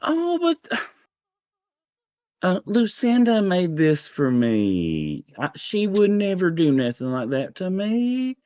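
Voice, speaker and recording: A man's voice: high voice, wildly swooping pitch, slow pace, darkish tone, clear, resonant tone, highs cut off, voice pushed up, heavily acted. A man voicing a pampered, haughty queen with a Southern US accent. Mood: sweetly trusting. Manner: flustered, prim, indignant.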